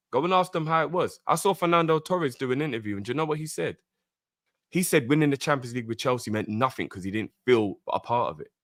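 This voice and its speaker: A man's voice: a little high, a bit bright, dry recording, clean studio sound. A man co-hosting a fan talk show, arguing heatedly and repeating his points insistently. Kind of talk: heated debate, arguing the club's side.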